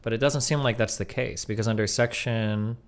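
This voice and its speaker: A man's voice: on the low side, steady tone, fairly quick. A man in his thirties, a streamer debating in a casual, blunt, profane way and reading out bill text.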